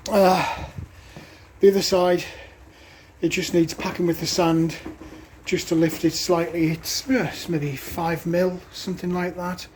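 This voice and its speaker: A vlogger talks through a job outdoors, breathless from the work and pausing often with an "uh" or a small laugh. The delivery is slow and the voice mellow, with a faint hiss of outdoor air behind it. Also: mid-range voice, flat delivery. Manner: chatty, halting, with frequent "uh" and little laughs. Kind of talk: casual narration while working. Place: outdoors at a woodland cabin.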